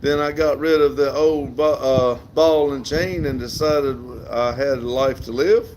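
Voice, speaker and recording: A Southern US man with a mid-range, slightly mellow voice chats at a measured pace over a faint hiss or hum. Hosting a casual outdoor livestream, he's chatty, laughs often, and reads comments from the chat aloud.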